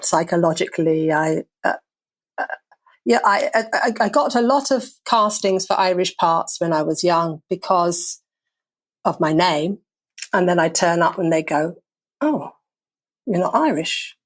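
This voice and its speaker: An older woman, an actor and playwright, chats in a casual interview. Her voice sits on the low side and she tells her stories wryly, poking fun at herself and laughing along. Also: a little slow. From London, England. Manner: wry, self-mocking, laughs often.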